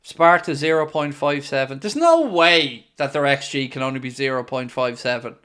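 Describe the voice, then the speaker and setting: An Irish man hosting a live football watchalong, reacting excitedly and calling the play as it happens. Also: medium pitch, normal speed, clear, resonant tone. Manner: excitable, jumps into play-by-play shouts. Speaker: watchalong host. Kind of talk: live match reaction commentary.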